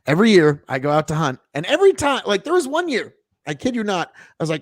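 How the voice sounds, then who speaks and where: A man's voice: sits high, huge pitch swings, fast talker, no echo, clean studio sound. A man from Nebraska hosting a podcast, telling rambling, profanity-laced stories in casual chat. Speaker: podcast host.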